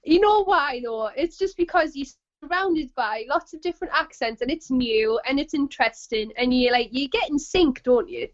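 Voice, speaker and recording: A woman's voice: high-pitched, moderate pace, hardly any pauses, highs cut off. A woman with a northeast English accent, co-hosting a podcast in chatty, self-mocking video-call talk. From northeast England. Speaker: podcast co-host. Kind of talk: casual video-call chat.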